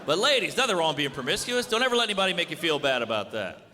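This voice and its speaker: A man doing stand-up comedy, brash and deadpan, acting out quick back-and-forth exchanges on stage. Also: fairly high pitch, slight background noise. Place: comedy club stage before a live audience. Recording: live club recording with reverb and crowd.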